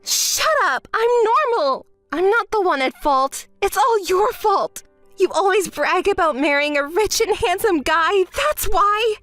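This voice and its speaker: A woman voicing a spoiled, entitled young woman in a texting story, whiny and quick to throw tantrums. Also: very high-pitched, a bit bright, no room sound, soft background music, voice pushed up. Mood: whiny frantic.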